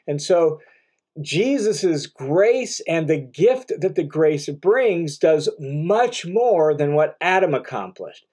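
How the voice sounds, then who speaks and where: A man's voice: fairly high pitch, expressive, takes it slowly, darkish tone. A man giving a verse-by-verse Bible commentary, reading verses aloud and explaining them in a conversational teaching manner. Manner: occasional fillers and restarts, conversational teaching.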